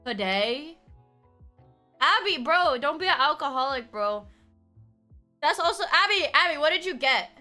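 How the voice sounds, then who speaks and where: Woman streamer, casual chat, swoops through her pitch, laughs a lot and bursts into shouts. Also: lively intonation, moderate pace, soft background music.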